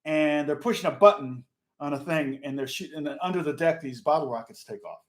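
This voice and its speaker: A man's voice: fairly high pitch, fairly quick. A middle-aged man, a session guitarist, chatting casually and rambling through stories with lots of fillers and restarts. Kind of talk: casual chat.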